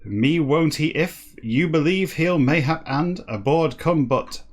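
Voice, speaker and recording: Deadpan male comic reader, measured delivery, fairly high voice. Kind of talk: comic book reading with asides.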